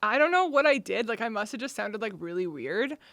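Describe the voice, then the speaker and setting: A woman's voice: a little high, expressive, a little fast, a bit bright, dry recording, studio quality. Laughing young woman telling stories. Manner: self-deprecating storyteller, laughs a lot. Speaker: podcast co-host. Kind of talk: casual chat.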